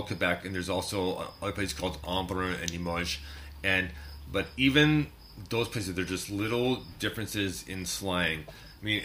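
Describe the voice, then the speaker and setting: Guy chatting on a call, bright tone, faint noise behind. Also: sits low. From Canada. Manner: animated, laughing, ranting about slang. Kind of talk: casual chat.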